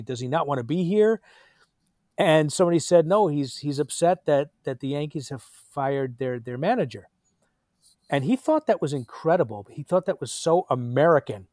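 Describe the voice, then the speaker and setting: A man in his fifties, an actor telling a rambling, animated story in a casual interview. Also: fairly high pitch, dry recording, studio quality.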